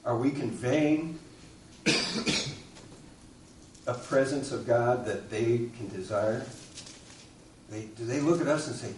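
A man's voice: mid-range voice, slow, pauses often, darkish tone, a little hiss or hum. A man preaching a sermon, telling a story and asking the congregation questions. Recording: echoey room, distant mic.

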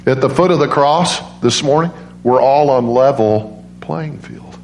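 Male preacher, animated storyteller, mid-pitched voice, roomy church echo. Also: a little slow, slight background noise. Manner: animated, jumps into high voices for quoted grandmas. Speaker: guest preacher. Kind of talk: storytelling sermon.

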